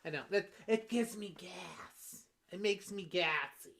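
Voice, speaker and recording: A woman improvising a fussy, demanding woman on a Valentine's date, stammering and bossy, bursting into shouts. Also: lowish voice, a little slow. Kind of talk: improvised comedy scene.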